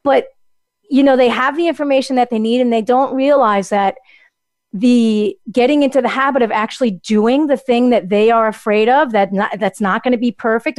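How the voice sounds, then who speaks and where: A middle-aged woman health coach telling stories in an animated, chatty way, laughing often. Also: a little high, a little fast, no echo, clean studio sound. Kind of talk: casual chat.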